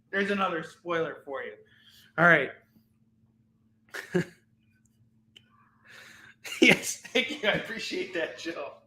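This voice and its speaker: High, bright-voiced man ranting in an echoey room. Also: takes it slowly, pauses often, far from the mic. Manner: animated, ranting, laughs often. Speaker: live shopping show host selling comics. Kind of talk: live-stream sales chat and rant.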